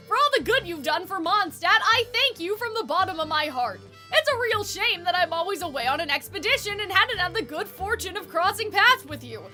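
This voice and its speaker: A woman's voice: very high voice, sharp tone. A young woman streamer chatting while reading game text aloud and reacting to chat.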